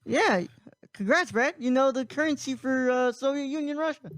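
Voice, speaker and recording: A man's voice: very high voice, moderate pace, a bit bright, no echo. A man hosting a casual podcast, rambling with frequent laughs and restarts. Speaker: podcast host.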